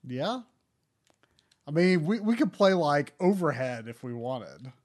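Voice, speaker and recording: A man's voice: fairly high pitch, slow pace. A man casually chatting and laughing while playing a retro game on a live stream. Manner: chatty, laughs often, animated.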